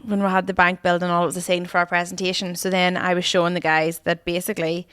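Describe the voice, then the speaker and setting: A woman, co-hosting a podcast and telling stories in excitable casual chat. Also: fairly low pitch, fast talker, clean tone, no echo. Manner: chatty, excitable storyteller. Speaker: podcast co-host.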